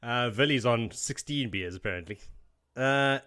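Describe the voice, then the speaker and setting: A man chatting on a podcast about a book he has read. His voice sits at an ordinary middle pitch. He retells scenes with lively energy and drops into casual swearing and quoted asides. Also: moderate pace, clean tone. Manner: animated retelling, slipping into character quotes and swearing. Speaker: podcast co-host. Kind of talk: casual book-discussion chat.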